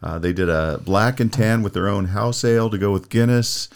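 A middle-aged man hosting a casual beer podcast, telling stories with animated energy. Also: on the low side, moderate pace, gravelly, clean tone. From Southern California. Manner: storytelling, animated. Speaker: podcast host.

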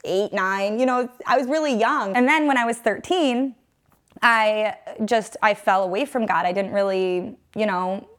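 A woman's voice: mid-range voice, measured pace. Woman in her 30s telling her faith story, earnest, rambly, lots of "like" and restarts. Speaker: interview guest. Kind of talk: personal faith testimony in conversation.

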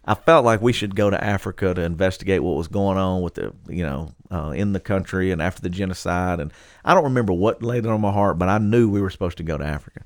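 A man, a pastor telling stories in casual talk, animated and quick to laugh as he acts out what people said. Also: low voice, no room sound. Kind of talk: casual podcast storytelling.

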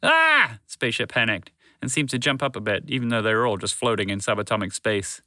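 A man narrating a children's fantasy story in an expressive read-aloud manner. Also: lowish voice, fast, dry recording.

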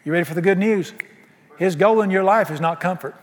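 A male pastor preaching with folksy, exuberant energy and peppering the crowd with questions. His voice sits a little high for a man. It rings out with a long reverb through a church hall. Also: fairly quick. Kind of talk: sermon. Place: church sanctuary.

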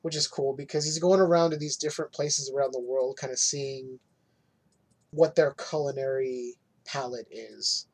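Husky man, blunt podcast host. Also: mid-range voice, steady tone, moderate pace. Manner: crude, joking, blunt. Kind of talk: casual chat.

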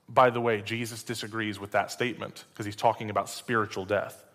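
A man's voice: fairly low pitch, flat delivery, a little fast, fairly bright tone. A male preacher reading scripture aloud and breaking in with conversational asides and rhetorical questions. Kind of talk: Bible reading with sermon commentary. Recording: long reverb hall.

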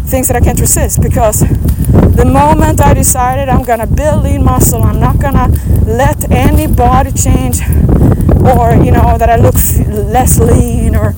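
High-pitched woman fitness coach, rambling motivational vlog talk, outdoors with traffic noise clearly behind. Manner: rambling, emphatic, asks many questions.

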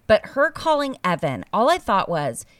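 A woman's voice: medium pitch, moderate pace, no room sound, far from the mic. A woman co-hosting a casual reality TV recap, gossipy and acting out what others said. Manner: animated, gossipy, acts out quotes.

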